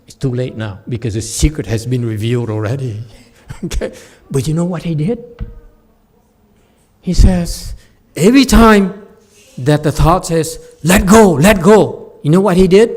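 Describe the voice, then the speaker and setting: A man's voice: on the high side, moderate pace, long pauses. A man giving a Buddhist dharma talk as a meditation teacher, telling a story with laughs and acted voices. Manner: animated storyteller, laughs often, acts out the voices.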